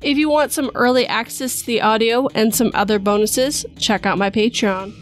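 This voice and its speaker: A woman host reading a horror story aloud in a measured, dramatic storytelling style. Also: on the high side, soft background music. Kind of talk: scripted horror narration.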